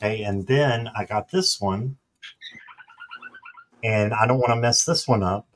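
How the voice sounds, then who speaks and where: A man's voice: fairly low pitch, unhurried, low-quality recording. A man guesting on a tarot stream, reading cards in a chatty, friendly way. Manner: warm, chatty, laughs at his own mispronunciations.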